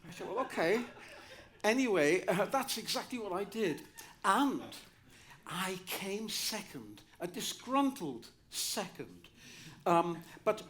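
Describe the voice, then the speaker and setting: A man's voice: high-pitched, sing-song, takes it slowly, a bit bright. Wry man in his sixties telling stories. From North Wales. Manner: wry, anecdotal, conversational. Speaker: musical director and raconteur. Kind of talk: cabaret storytelling. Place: cabaret stage.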